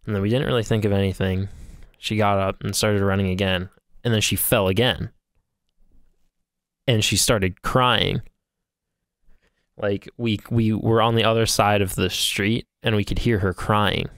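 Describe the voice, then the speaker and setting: Gravelly, smooth-voiced podcast guy. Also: lowish voice, fairly even intonation, a little slow, fairly bright tone, no echo, clean studio sound. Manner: rambling storyteller, laughs often, swears casually. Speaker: podcast co-host. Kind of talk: casual chat.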